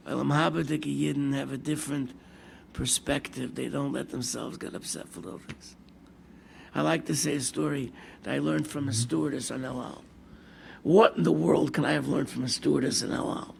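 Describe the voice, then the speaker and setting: A man's voice: medium pitch, a little fast, creaky, slight background noise. An older man, a rabbi telling stories in a sermon and acting out the people in them. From United States. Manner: storytelling with lively quoted asides, mixing Hebrew and Yiddish terms. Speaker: rabbi giving a Torah class.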